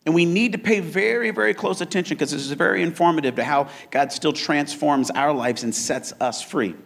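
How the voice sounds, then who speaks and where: A man preaching a sermon in a church, energetic and joking, whooping with excitement and stumbling into restarts. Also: on the high side, brisk, vocal fry. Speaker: pastor. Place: church auditorium.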